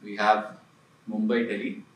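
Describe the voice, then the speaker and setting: A man's voice: on the low side, completely flat delivery, measured pace, distant mic. Man giving a punchy seminar talk in an echoey room. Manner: punchy, conversational, asks the audience rhetorical questions. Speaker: investment firm executive presenting at a seminar.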